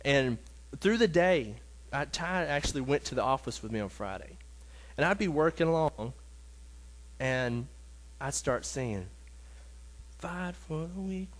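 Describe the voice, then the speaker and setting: Earnest, halting male Bible teacher. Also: mid-range voice, expressive. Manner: halting, with many restarts and fillers; earnest and emotional.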